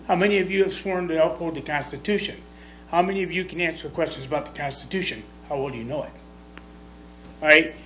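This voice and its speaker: A man with a notably high voice speaks at a county board meeting. He lectures the officials in a confrontational tone. A faint hum runs under the recording. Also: bright, forceful tone, poor audio. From Michigan. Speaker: public commenter.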